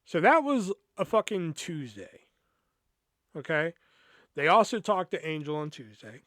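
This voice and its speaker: A man's voice: on the high side, a little slow, dry recording, studio quality. A man hosting a podcast, telling a personal story in a casual, profane, rambling way. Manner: profane, rambling, animated retelling. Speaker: podcast host.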